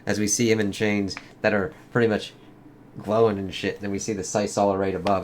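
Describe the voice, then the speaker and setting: A man's voice: on the low side, steady tone, brisk, slight background noise. A man giving a loose, casual comic book review, swearing freely and reacting as he reads. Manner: loose, swears, lots of "it's like". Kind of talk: casual review with read-aloud excerpts.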